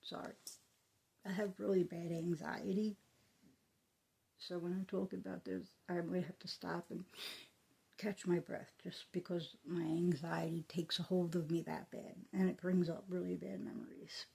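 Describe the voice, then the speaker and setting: A woman telling a personal story in a soft, halting, emotional way, often dropping into a breathy whisper. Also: lowish voice, flat delivery. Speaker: vlogger.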